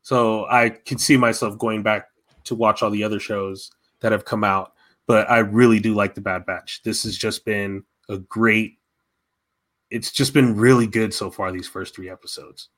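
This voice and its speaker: A man's voice: on the low side, steady tone, moderate pace, fairly bright tone. A man co-hosting a casual fan chat, talking enthusiastically and rambling with many restarts.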